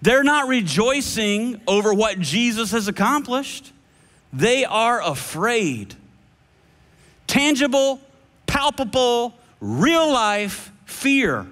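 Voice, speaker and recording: A man preaching a sermon, animated and playful with shifting voices. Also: extremely high pitch. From United States. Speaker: pastor. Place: large church hall. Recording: long hall reverb.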